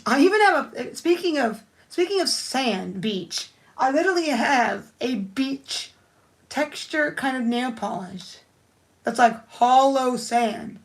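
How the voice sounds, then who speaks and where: A woman's voice: high-pitched, lively intonation, takes it slowly. A woman chatting casually on a live stream while doing her nails, rambling and thinking aloud as she works. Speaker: nail art livestreamer.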